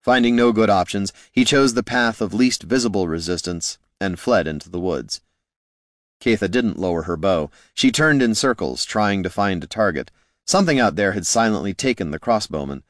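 A man reading a fantasy story aloud in a measured, wry narration. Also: on the low side, lively intonation, dry recording, studio quality. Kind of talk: scripted audiobook narration.

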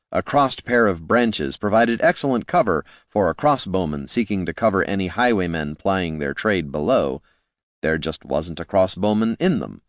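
A man reading a fantasy story aloud in a measured, wry narration. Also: deep voice, dry recording, studio quality. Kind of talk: scripted audiobook narration.

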